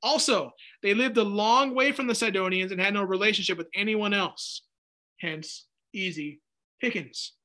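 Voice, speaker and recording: A man teaching a Bible study in a casual, animated way, reading scripture aloud and breaking in with jokey asides. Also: high voice, normal speed.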